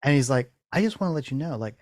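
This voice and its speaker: A man's voice: mid-range voice, animated, fast talker, darkish tone, no room sound, clean studio sound. A man hosting a casual chat, telling a rambling story full of restarts and swearing, acting out his own thoughts in quotes. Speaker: podcast host.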